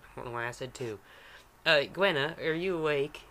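A man's voice: a little high, fairly quick, bright, forceful tone, pitched above the performer's own voice. A man voicing a friendly alligator person with a put-on Southern accent, improvising in a tabletop game. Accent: put-on American Southern. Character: folksy southern alligator person, hospitable host. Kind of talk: improvised tabletop role-play.

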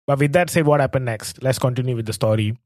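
A man's voice: medium pitch, quick pace, a little mellow, no room sound, studio quality. A man hosting, commenting on a story and asking the guest to go on, in a reflective casual way. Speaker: host.

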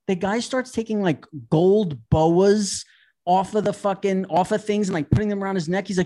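A man's voice: high-pitched, a little fast. A man recapping reality TV on a podcast, talking casually, swearing a lot and acting out the people he describes. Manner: animated, swearing, acts out people he retells.

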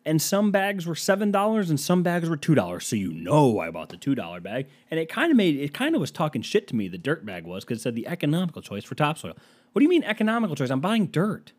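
A man's voice: fairly high pitch, very animated, fast, hardly any pauses, slightly rough. A man telling an exasperated, profane, incredulous storytime rant to his viewers.

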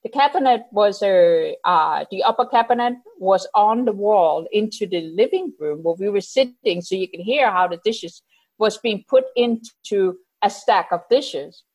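A woman casually telling a personal story out loud, animated, laughing often and acting out the lines she quotes. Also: medium pitch, measured pace, husky, rough recording. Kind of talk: casual spoken anecdote.

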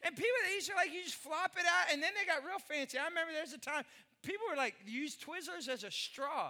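A middle-aged man from Texas preaching a sermon as a pastor, an animated, joking storyteller full of rhetorical questions. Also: very high voice, fast talker.

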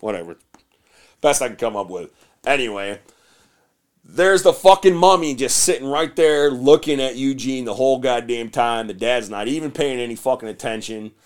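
A man's voice: mid-range voice, moderate pace. A man hosting a podcast, casually recapping a film with lots of swearing and silly acted-out bits of dialogue. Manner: crude, rambling, acts out scenes in silly voices. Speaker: podcast host. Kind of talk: casual movie recap with profanity.

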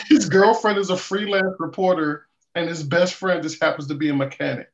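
A man's voice: fairly high pitch, steady tone, moderate pace, crowd noise. A man co-hosting a podcast, reading a cartoon synopsis aloud while trying not to laugh. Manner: amused, stifling laughter. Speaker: podcast co-host. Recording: dull lo-fi sound.

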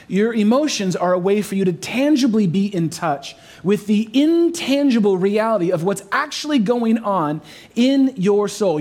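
A man preaching a sermon as pastor, earnest and emphatic, stretching out key phrases slowly. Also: high voice, darkish tone. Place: church overflow room.

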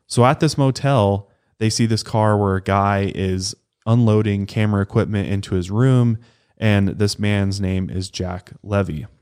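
Low-voiced man casually retelling a case. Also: unhurried, a little mellow, clean tone. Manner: casual, conversational retelling with acted quotes. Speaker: podcast co-host. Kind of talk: casual true crime storytelling.

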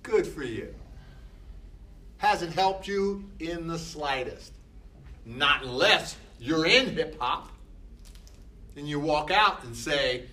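Slow, emphatic older male teacher. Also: fairly high pitch, sing-song, bright, forceful tone. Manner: emphatic, repeats short phrases. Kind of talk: classroom lecture. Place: classroom. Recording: distant mic with faint background noise.

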